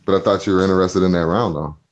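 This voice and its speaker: A low-pitched man hosts a loose, profane podcast chat. He laughs often and gets worked up when he talks. The audio is dull and lo-fi. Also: fairly even intonation, racing. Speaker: podcast host reading chat.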